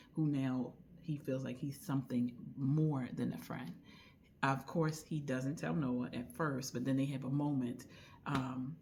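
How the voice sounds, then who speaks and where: A woman recommending a book in a casual, chatty way, retelling the story with lively asides. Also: a bass voice, measured pace, a little hiss or hum. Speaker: book reviewer.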